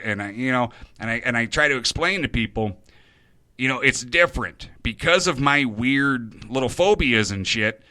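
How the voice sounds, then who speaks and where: A man's voice: medium pitch, lively intonation, moderate pace, sharp tone, dry recording. A middle-aged man hosting an internet radio show, rambling nervously about himself in a confessional monologue, stumbling and restarting his sentences.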